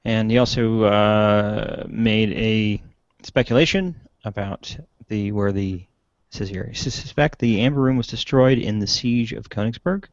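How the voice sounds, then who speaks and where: A man hosting a casual online panel, joking and reading out viewer comments in a relaxed way. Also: lowish voice, unhurried, few pauses, dry recording, muffled recording. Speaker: host. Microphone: video call.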